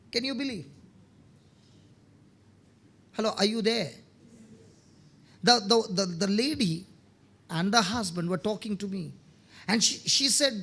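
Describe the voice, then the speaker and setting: A man's voice: high-pitched, lively intonation, measured pace, pauses often, bright, forceful tone. A man preaching a sermon, telling testimony stories, often checking in with his listeners and repeating words as he starts phrases.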